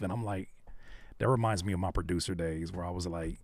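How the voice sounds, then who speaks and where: A man's voice: on the low side, fast, a little mellow, no echo. A man who raps and produces, hosting a live stream with casual, slangy commentary. He repeats phrases for emphasis and acts out other people's remarks.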